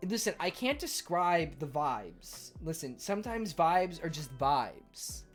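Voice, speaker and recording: A young man chatting casually on his livestream in an animated, rambling way, full of fillers. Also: a little high, slow pace, soft background music. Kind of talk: casual stream chat.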